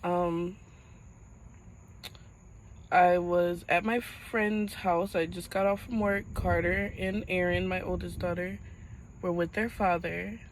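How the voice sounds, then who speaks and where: A young woman vlogging to camera, telling a painful personal story in a halting voice as she fights back tears. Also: fairly low pitch, fairly even intonation, a little hiss or hum, poor audio.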